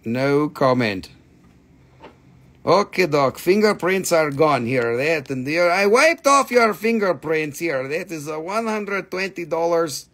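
A man's voice: on the high side, lively intonation, slow, a bit bright. A man hosting a live stream gem sale, with joking sales patter and a put-on quirky accent that comes and goes.

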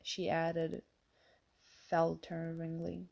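A woman narrating an audiobook of a classic story in a measured way, sometimes correcting her own slips. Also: lowish voice, fairly even intonation, gravelly, mellow. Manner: measured, occasionally stumbling and self-correcting. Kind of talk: scripted narration.

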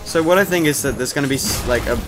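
A man's voice: mid-range voice, fast talker. A man hosting a let's play, giving casual gameplay commentary in a rambling, jokey way with plenty of swearing. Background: game music.

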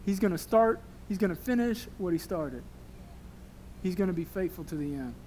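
A young man preaching a sermon at a church service, animated and emotional, later praying softly. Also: high voice, normal speed, a little hiss or hum. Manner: animated, emotional preaching that drops to a soft prayer. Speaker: pastor.

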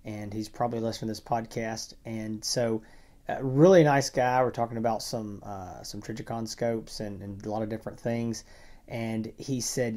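A man co-hosting a review podcast in casual conversation, often dropping to quiet asides. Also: on the low side, steady tone, fairly quick. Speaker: podcast co-host.

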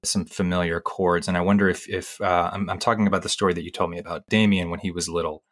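A middle-aged man with a fairly low voice hosts a podcast, chatting casually and slipping into anecdotes and jokes. His talk is loose and conversational. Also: level tone, fast, a bit bright. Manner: chatty, storytelling, joking. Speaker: podcast host. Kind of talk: casual chat.

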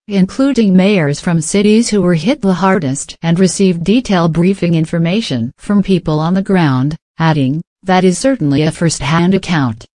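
Female news reader, lower register, dry booth sound, even read-aloud delivery. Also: no room sound.

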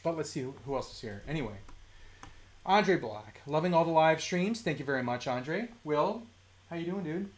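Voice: mid-range voice, animated, normal speed. Chatty toy-collecting live-stream host. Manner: chatty, mildly profane, laughs often. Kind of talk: casual live-stream chat. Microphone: desk microphone.

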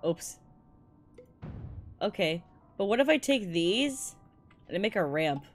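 A woman streams a game and comments live in a mid-range voice, taking it slowly, with soft music underneath. She's lively and jokey, often laughing, and quick to yelp at a scare.

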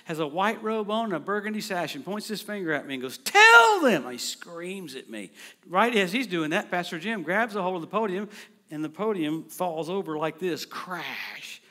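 Male preacher, middle-aged, lively storytelling sermon, slightly higher voice, loud acted-out quotes. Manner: storytelling, animated, acts out quotes loudly. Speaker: traveling preacher.

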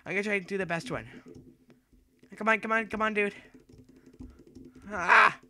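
Young man, high bright voice, animated, gameplay commentary, shrieks and trash talk. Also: quick pace. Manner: excitable, yells and shrieks when playing; rambling, repeats himself, trash talk. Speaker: gaming YouTuber.

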